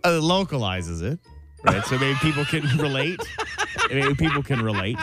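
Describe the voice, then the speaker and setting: A man's voice: mid-range voice, animated, moderate pace, loud music behind the voice. A man co-hosting a morning radio show, telling a long rambling joke in casual banter and laughing at his own punchline. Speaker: radio co-host.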